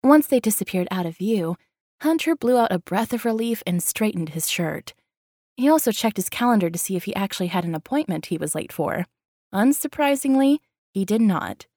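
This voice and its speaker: A woman reading a romance novel aloud in a steady, even narration. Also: mid-range voice, normal speed, dry recording, studio quality. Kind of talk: audiobook narration.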